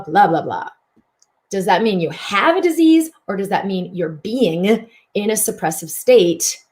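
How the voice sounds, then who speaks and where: A woman's voice: lowish voice, darkish tone. A woman hosting a mind-body self-help broadcast. She talks expressively, repeats words for emphasis and slips into voicing inner thoughts. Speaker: host and physician.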